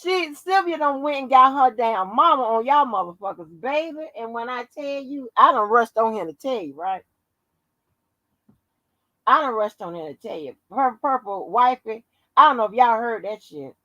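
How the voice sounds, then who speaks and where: A woman giving casual commentary on her vlog, animated and profane, often breaking into laughter. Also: on the high side, moderate pace, no room sound, rough recording. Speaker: YouTube commentator.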